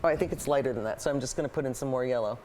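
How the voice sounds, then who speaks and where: A woman's voice: very deep voice, rapid-fire, dark tone, slight background noise. A woman hosting a live painting lesson, chatting eagerly and thinking aloud as she paints. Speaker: painting show host and art teacher.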